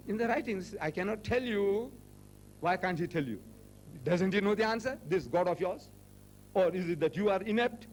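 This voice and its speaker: Animated man lecturing with a lively voice. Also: high voice, poor audio. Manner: animated, mocking, acts out quoted voices. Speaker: religious debater. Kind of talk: public lecture.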